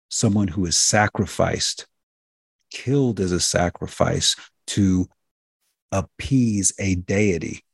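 A man's voice: sits low, creaky, husky, dry recording, studio quality. A man hosting a health talk radio show, speaking in an emphatic, repetitive, preacher-like cadence and addressing listeners directly as folks and healers.

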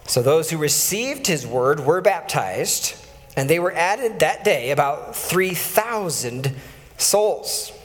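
High-voiced man preaching in an echoing hall. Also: expressive, slow. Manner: conversational, self-correcting, chuckling asides. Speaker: pastor. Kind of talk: sermon with scripture reading.

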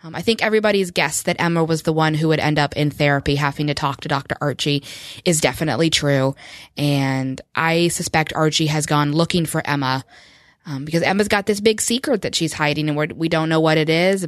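A woman with a fairly low voice chats casually as a podcast co-host, wry and quick to laugh. The sound is close and dry, with no room around it. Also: dry recording. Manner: chatty, wry, laughs often. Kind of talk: casual fan podcast chat.

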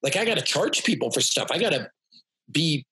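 A man's voice: on the high side, fairly quick, slightly rough. A man hosting a podcast, a fitness coach talking earnestly and chiming in during a casual chat. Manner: earnest, animated, interjecting.

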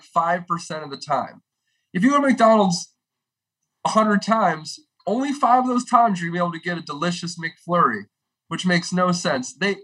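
Young male podcast regular, comic rant, bright tense tone. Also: fairly high pitch, rough recording. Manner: animated, exaggerated comedic delivery with swearing. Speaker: podcast regular with a comedic food segment.

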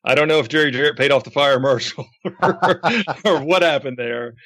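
Animated man hosting a podcast. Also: medium pitch, moderate pace. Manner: animated storyteller, acts out quotes. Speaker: podcast host. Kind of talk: casual interview chat.

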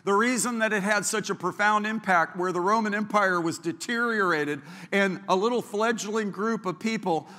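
A male pastor preaching a sermon, telling stories and acting out the people he quotes. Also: high-pitched. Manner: storytelling, acts out quoted people, grows louder and more fervent. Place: church sanctuary. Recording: long hall reverb.

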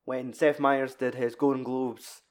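With a mid-range voice, flat delivery, and measured pace, this podcast co-host chats loosely and at length. He rambles and frequently stops to correct himself.

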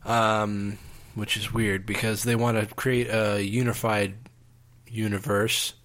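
A man's voice: fairly low pitch, level tone, takes it slowly, a bit bright. A man co-hosting a casual movie podcast, talking in a laid-back way with lots of fillers. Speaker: podcast co-host.

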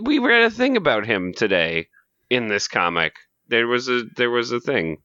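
A man's voice: medium pitch, big pitch swings, moderate pace, pushed and bright, smooth, dry recording, highs cut off. A man co-hosting a casual podcast, tipsy, giggly and teasing, swearing often. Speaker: podcast co-host.

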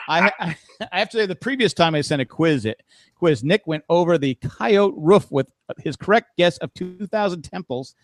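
A man's voice: sits high, lively intonation, normal speed, a little hiss or hum. A middle-aged man hosting a casual podcast, telling stories with laughs and acting out what other people said. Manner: storytelling with laughs, acts out quoted voices. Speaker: podcast host.

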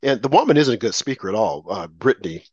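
A man's voice: mid-range voice, very animated, fast, a little mellow, no room sound, lo-fi sound. A man giving an emphatic political monologue, indignant and full of rhetorical questions. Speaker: commentary host.

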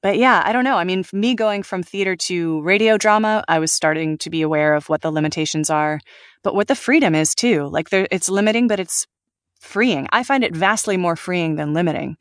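A woman voice actor talking casually in an interview, animated, laughing often and restarting her sentences. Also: fairly low pitch, fairly quick, no room sound, clean studio sound. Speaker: voice actor guest.

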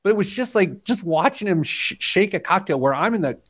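A man in his forties hosting a personal finance podcast, telling stories in an animated way, laughing often and wandering off on tangents. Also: high voice, fairly quick. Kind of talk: casual chat.

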